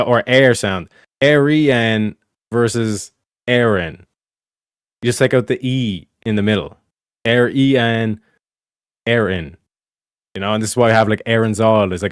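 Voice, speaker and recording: A man's voice: lowish voice, smooth, no echo, studio quality. A man streaming, explaining in casual, rambling talk that is full of swearing and repeated asides. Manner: rambling, profane, repeats "do you know what I mean".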